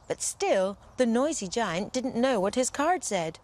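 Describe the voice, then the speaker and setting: Woman reading a bedtime story, slow and lively in pitch, gentle storyteller. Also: no room sound.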